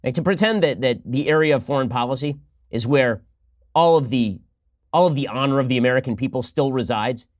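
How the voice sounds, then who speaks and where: A man delivering fast, sarcastic political commentary from a close studio mic, sometimes acting out mock phone calls. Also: medium pitch, no echo. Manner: rapid-fire, sarcastic, acts out mock dialogues.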